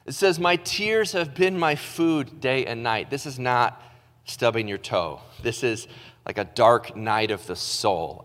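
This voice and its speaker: A man preaching a sermon as pastor, in a casual, self-deprecating way full of "like" and restarts, reading scripture slowly. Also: lowish voice, fairly bright tone. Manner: casual, self-deprecating, talks with his hands in filler words. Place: church stage. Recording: long hall reverb.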